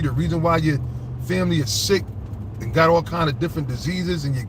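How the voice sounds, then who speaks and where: A man preaching fervently from scripture, rambling and swearing and often asking his listeners "all right?" He reads the verses slowly and gets louder and higher when agitated. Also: noisy background. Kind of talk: fiery street-style scripture commentary.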